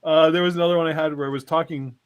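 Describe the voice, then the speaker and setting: A man's voice: fairly high pitch, steady tone, rapid-fire, clear, resonant tone. A middle-aged man co-hosting a casual chat show, telling rambling stories and laughing often. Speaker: co-host.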